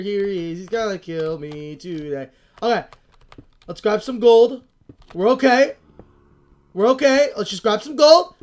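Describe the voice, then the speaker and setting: A young woman giving casual, excitable commentary on her own game, panicking and repeating herself as she plays. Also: medium pitch, moderate pace. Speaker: gaming channel host.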